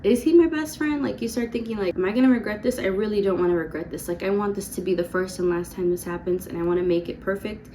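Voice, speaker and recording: A woman in her twenties telling a personal story to camera in a casual storytime vlog, chatty and full of "like" and quick laughs. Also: mid-range voice, warm tone, a little hiss or hum. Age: 20s. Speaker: vlogger.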